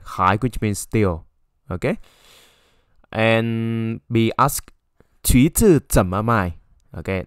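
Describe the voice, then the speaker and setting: A man teaching a language lesson, stopping often to say "okay" and repeating example phrases in a louder voice. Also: on the low side, clear, resonant tone, dry recording, studio quality. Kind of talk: explaining a textbook lesson.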